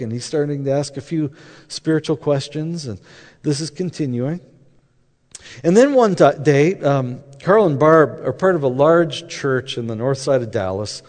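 A man's voice: fairly high pitch, darkish tone. A man telling a faith story in a conversational way, acting out the dialogue as he goes. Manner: conversational, acts out quoted dialogue. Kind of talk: anecdotal storytelling talk. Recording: long hall reverb.

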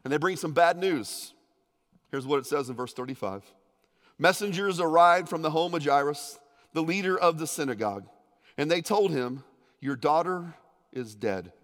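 A man preaching a sermon as pastor, conversational with joking asides, swinging between loud emphasis and hushed intensity. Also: a little high. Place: church sanctuary. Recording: long hall reverb.

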